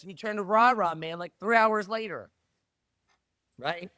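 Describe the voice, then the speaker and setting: A man's voice: sits high, unhurried, smooth, dry recording. Emphatic man with a dry close sound. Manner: emphatic and animated, repeats key phrases. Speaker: jiu-jitsu academy owner, podcast guest. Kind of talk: casual interview talk.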